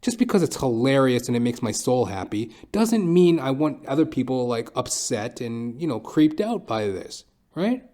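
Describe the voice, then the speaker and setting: A man's voice: mid-range voice, big pitch swings, normal speed, hardly any pauses, dark tone. A man hosting his own podcast, telling comic stories in a rambling, profane way. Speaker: podcast host. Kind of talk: comedic storytelling monologue.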